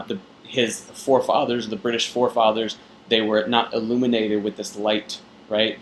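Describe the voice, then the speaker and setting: A man's voice: lowish voice, a little hiss or hum, poor audio. A man tutoring through a reading passage in a conversational way, with frequent fillers and tag questions. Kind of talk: test-prep reading explanation.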